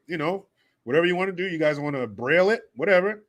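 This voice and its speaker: A man's voice: a little high, expressive, quick pace, a bit bright. A man hosting a livestream, chatting casually and reading viewer donations with crude, profane jokes. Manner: crude, joking, profane banter. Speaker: livestream host.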